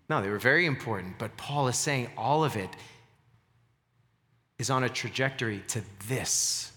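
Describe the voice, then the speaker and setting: A man's voice: mid-range voice, bright, forceful tone, long reverb tail. A man preaching a sermon as pastor, earnest and emphatic, often repeating words for stress.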